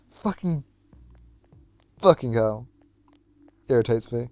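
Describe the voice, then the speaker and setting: A man's voice: on the high side, moderate pace, a little mellow, dry recording, soft background music. A man streaming a game, making sarcastic, profane commentary. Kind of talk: gameplay commentary.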